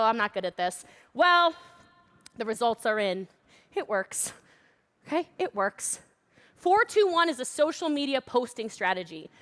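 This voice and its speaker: A loud, brash woman giving a playful, high-energy motivational talk at an online event. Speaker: motivational speaker.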